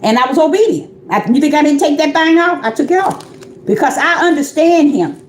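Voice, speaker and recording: A woman's voice: high voice, lively intonation, fairly quick, echoey room, slight background noise. A woman calling herself a prophetess, preaching an informal livestream sermon in a chatty, repetitive way that speaks straight to her listeners. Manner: conversational, repetitive, addresses listeners directly. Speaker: self-described prophetess preaching.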